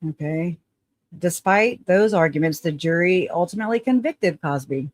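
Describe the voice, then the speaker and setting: A woman's voice: lowish voice, lively intonation, normal speed, no room sound. A woman host with a Southern twang, reading news articles aloud and breaking off into sarcastic asides. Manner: sarcastic asides, reads with stumbles.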